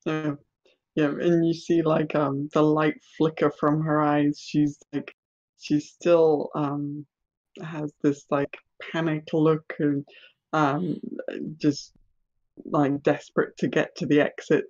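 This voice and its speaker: Slow unhurried game master, lots of ums, kinda muffled lo-fi audio. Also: mid-range voice, flat delivery, darkish tone. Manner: hesitant, many ums and restarts. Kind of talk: narrating a tabletop game.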